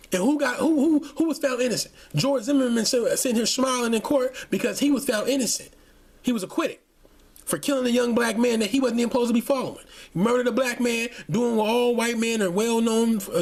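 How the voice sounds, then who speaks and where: A man's voice: extremely high pitch, brisk. A man giving a heated, profane ranting commentary, often stumbling over repeated restarts. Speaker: channel host.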